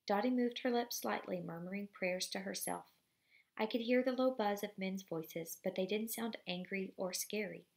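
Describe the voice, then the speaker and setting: A woman reading a novel aloud for students, steady and expressive, pausing briefly to apologize for slips. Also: mid-range voice, vocal fry.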